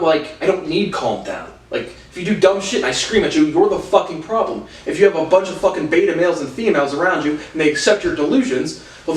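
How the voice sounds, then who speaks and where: A man angrily ranting through a personal story, swearing constantly and stumbling over restarts. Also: fairly high pitch. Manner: profane, agitated, heavy swearing; halting restarts. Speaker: vlogger. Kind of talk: storytelling rant. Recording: roomy, distant mic.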